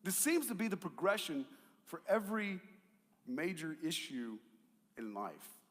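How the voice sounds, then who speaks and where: Animated pastor preaching in a reverberant hall. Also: male voice, a little high, unhurried. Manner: animated, swings from loud emphatic peaks to quiet asides; conversational with jokes and rhetorical questions. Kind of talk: sermon. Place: church auditorium.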